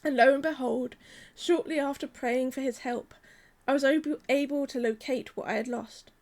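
High-voiced woman preaching a gentle sermon. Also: fairly even intonation, moderate pace.

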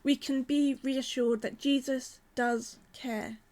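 A woman, preaching a sermon in a gentle, measured, earnest way. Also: sits high, fairly even intonation.

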